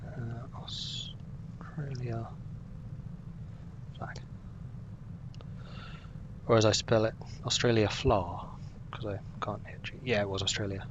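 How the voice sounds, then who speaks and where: A man's voice: lowish voice, flat delivery, normal speed, pauses often, dull audio, a little hiss or hum. Chatty man streaming a game. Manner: chatty, talks to himself and to chat while playing. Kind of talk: casual gameplay commentary.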